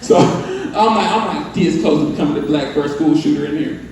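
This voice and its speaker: A young man with a Southern US accent doing a loose, animated stand-up set, asking the crowd questions as he tells stories. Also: fairly high pitch, a little fast, a little hiss or hum. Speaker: stand-up comedian. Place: live comedy venue with audience. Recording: echoey, distant room mic.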